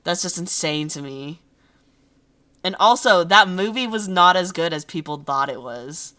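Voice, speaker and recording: A woman streamer chatting casually with a friend, animated and full of "like"s. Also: fairly low pitch, a little slow. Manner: animated, laughing, many "like"s. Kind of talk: casual chat.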